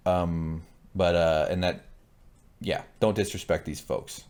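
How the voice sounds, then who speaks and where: A podcast co-host with a deep, clean-toned voice speaks slowly through a casual shot-by-shot recap. He's animated and profane, joking, swearing and voicing characters mid-sentence.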